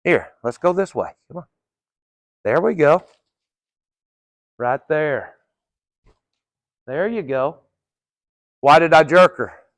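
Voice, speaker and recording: A man's voice: fairly high pitch, expressive, slow pace, long pauses, no room sound. A middle-aged man working as a horse trainer, coaching viewers through a live training session in a folksy, casual way with the odd curse word.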